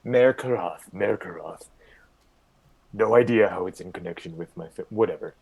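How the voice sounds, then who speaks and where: A man playing in a tabletop game, speaking hesitantly and often trailing off in a hushed tone. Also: deep voice, normal speed, breathy edge, low-quality recording. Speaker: player. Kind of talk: in-character tabletop roleplay.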